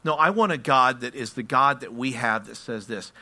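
Bright-voiced preacher giving a sermon. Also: male voice, mid-range voice, moderate pace. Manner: builds from quiet to loud impassioned preaching; acts out prayers and quotes in his own voice. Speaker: pastor.

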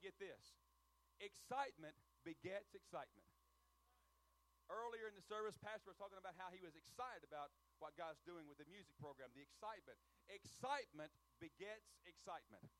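High-voiced Southern preacher rousing his flock. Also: low-quality recording. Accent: Southern American. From American South. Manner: rousing call-and-response, swings from hushed to shouting. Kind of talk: sermon. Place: church.

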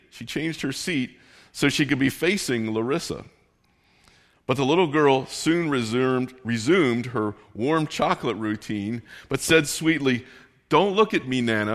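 A man's voice: medium pitch, fairly bright tone, in a large hall. A man preaching a sermon in an earnest, conversational way, acting out the voices he quotes. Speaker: pastor.

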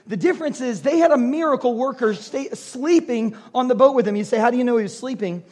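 A man preaching a sermon, telling a story with lively acted-out dialogue and frequent laughs. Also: very high voice, quick pace. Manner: animated storyteller, acts out dialogue, laughs often. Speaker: pastor.

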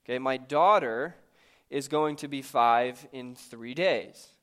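A man in his thirties, a pastor, telling a personal story in a sermon in a lively, conversational, self-mocking way. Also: mid-range voice, slow, clean tone.

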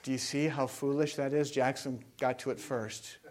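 A man pastor preaching a sermon in a conversational way, asking his congregation questions and moving between loud emphasis and quiet reflection. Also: medium pitch, fairly even intonation, moderate pace, a crowd in the background.

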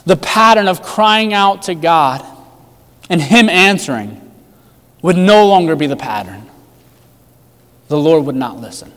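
A man preaching a sermon with emphatic rhetorical questions, his delivery swinging between loud and hushed. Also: on the high side, lively intonation, measured pace, long pauses, in a large hall. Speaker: pastor.

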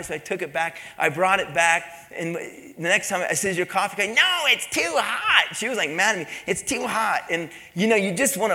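A man's voice: on the high side, bright, forceful tone, big-room sound. A man preaching a sermon as pastor, telling a personal story with mimicked voices and laughter.

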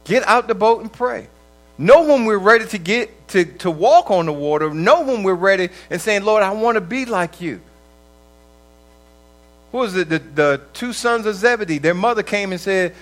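A man with a high voice preaches a sermon in a loose, conversational way. He slips into little voices as he tells everyday stories, and laughter breaks through his talk. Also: expressive, normal speed, fairly bright tone, low-quality recording. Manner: conversational, acts out quoted voices, laughs often.

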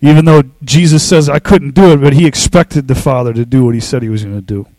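Guy giving a laid-back sermon, kinda rambly, dry close sound, slows down and leans in on the bible verses. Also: medium pitch, no room sound, poor audio. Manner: relaxed, conversational, with fillers and restarts; reads scripture slowly and emphatically. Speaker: pastor. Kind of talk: casual sermon.

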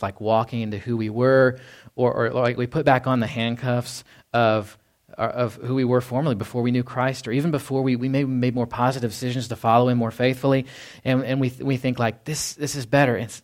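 A male pastor with a mid-range, darkish voice delivers a conversational sermon. He often repeats words, restarts his sentences, and acts out everyday voices in quoted bits.

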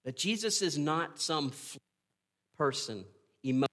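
A man preaching a sermon, retelling a story with earnest drama, pausing and asking "right?". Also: fairly high pitch, lively intonation, fairly bright tone. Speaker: pastor.

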